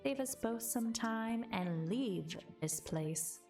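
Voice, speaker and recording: A woman's voice: fairly high pitch, lively intonation, takes it slowly, a little mellow, far from the mic, faint music behind, voice pushed up. Woman reading as a haughty ancient magic cat. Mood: grudging. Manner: haughty, scornful. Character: grumpy male magic cat, ancient tavern guardian.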